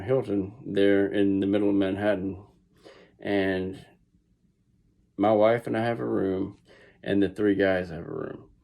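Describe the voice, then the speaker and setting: A man's voice: deep voice, gravelly, darkish tone. A middle-aged man with a Southern US accent tells a story casually, rambling with restarts and asides. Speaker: vlogger.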